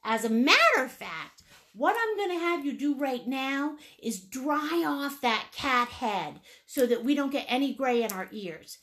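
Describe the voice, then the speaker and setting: Playful high-voiced painting teacher woman. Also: expressive, a little slow, fairly bright tone. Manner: playful, sing-song asides and little hums. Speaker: painting instructor. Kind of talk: live painting lesson, step-by-step instructions.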